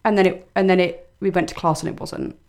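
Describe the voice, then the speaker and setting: A young woman rattles along quickly in a lowish, gravelly voice. She is opinionated and playful in casual podcast chat. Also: fairly even intonation, darkish tone.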